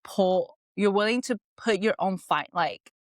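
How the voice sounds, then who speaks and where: A woman's voice: medium pitch, measured pace, no room sound. Chatty young woman podcaster, dry close sound. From moved to America at age ten. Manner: chatty, free-flowing, lots of "like". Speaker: podcast host. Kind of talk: casual chat.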